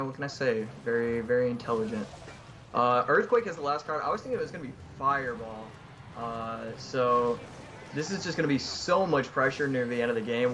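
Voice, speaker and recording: A man's voice: medium pitch, background noise. A man co-casting a live esports match, analysing plays loosely with many fillers and restarts. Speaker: esports co-caster.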